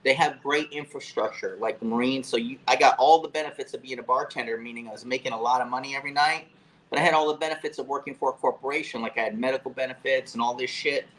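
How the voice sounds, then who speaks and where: Profane, animated storytelling man in his fifties. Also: medium pitch, fast, slight background noise, poor audio. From Florida, USA. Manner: profane, animated anecdote-telling with frequent fillers. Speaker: interview guest. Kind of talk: casual storytelling.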